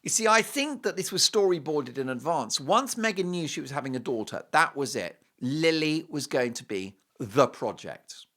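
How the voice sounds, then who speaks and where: Male host, sarcastic commentary, lively swinging pitch, bright forceful tone. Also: moderate pace, hardly any pauses. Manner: scornful, sarcastic, emphatic. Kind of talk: opinionated commentary monologue.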